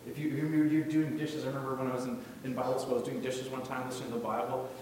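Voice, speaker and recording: A man's voice: mid-range voice, little pitch movement, quick pace, darkish tone. A man preaching a casual, story-filled sermon as a youth pastor, acting out quoted voices. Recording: echoey hall, distant mic, faint noise.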